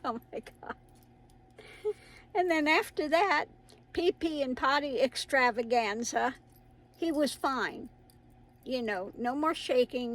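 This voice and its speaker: A woman's voice: high voice, low-quality recording. A middle-aged woman hosting her own channel, chatting casually to viewers in a rambling way and laughing often. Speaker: tarot reader and channel host.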